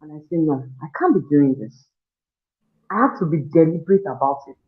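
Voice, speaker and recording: A woman with a Nigerian English accent, a participant in a parenting program, gives an animated testimonial interview, acting out her own scolding and prayers and laughing often. Her deep voice runs a little fast, recorded in an echoey room over a tinny, phone-like line.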